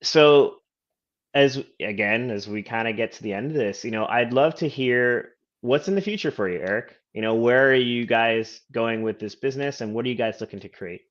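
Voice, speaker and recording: A man hosting a live interview over a video call, asking relaxed, slightly halting questions. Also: mid-range voice, muffled recording. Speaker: interview host, coach.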